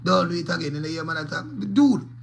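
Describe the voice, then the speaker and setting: A man's voice: a little high, flat delivery, racing, vocal fry, sharp tone, slight background noise, poor audio. Jamaican man in rambling patois. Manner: rambling patois talk peppered with curses. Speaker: DJ and vlogger. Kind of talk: casual commentary to camera.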